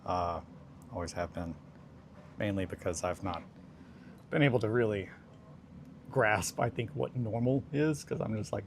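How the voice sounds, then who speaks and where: Lowish, a little slow and creaky, his speech is broken by long pauses, with slight noise behind him. He chats casually on a hobby livestream as he crafts, wandering off on tangents, joking at his own expense and laughing often.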